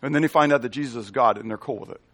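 With a mid-range voice, a pastor gives an emphatic sermon-style Bible study that includes scripture reading. He fires questions at the room and answers them himself, slowing down and raising his volume to stretch out each quoted passage.

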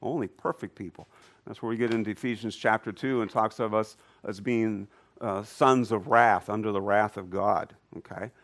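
Animated man teaching a Bible class. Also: lowish voice, moderate pace. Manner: animated, quizzes the audience. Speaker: church teacher. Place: room with a live audience.

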